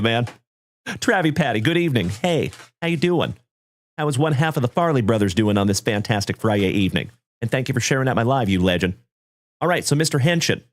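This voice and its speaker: Upbeat guy hosting a card break stream, folksy, shouts out viewers by name, mid pitch. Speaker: card break livestream host. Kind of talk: livestream chat with viewers.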